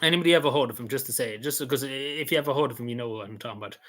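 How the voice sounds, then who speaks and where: A man's voice: mid-range voice, very fast, fairly bright tone. A man, casually recapping an event he attended, rambling and repeating himself with many fillers. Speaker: vlogger.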